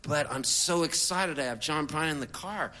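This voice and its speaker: A middle-aged man, a singer-songwriter, telling a rambling comic story to an audience in a conversational, animated way. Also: on the high side, normal speed.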